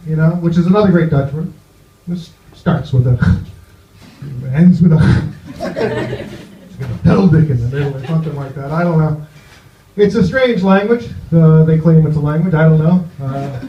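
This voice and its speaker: A man from New Jersey doing a stand-up set in a comedy club, rambling and halting with lots of "you know". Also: on the high side. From New Jersey, USA. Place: comedy club with live audience. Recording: echoey, muffled live club recording.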